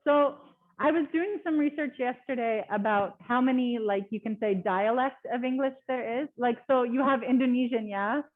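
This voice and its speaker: A woman's voice: on the high side, normal speed. Chatty woman on a tinny call. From Canada. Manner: chatty, laughs often, lots of fillers. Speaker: guest speaker. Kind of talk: casual webinar talk. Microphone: video call. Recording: tinny phone-like call audio.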